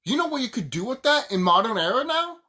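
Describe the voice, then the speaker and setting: A heated young YouTuber rants about games, swearing, laughing often and repeating himself. His voice is very high, sing-song, fast, pushed and bright.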